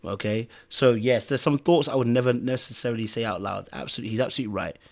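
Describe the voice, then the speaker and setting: A man's voice: medium pitch, quick pace, creaky. A man hosting a podcast in casual chat, rambling and checking in with "okay?" and "you know what I mean". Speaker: podcast host.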